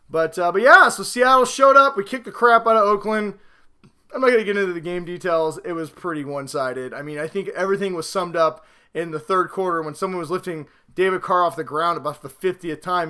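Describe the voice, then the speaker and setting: A man hosting a casual football talk show, rambling and self-mocking, swinging between loud hype and low mutters. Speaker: podcast host.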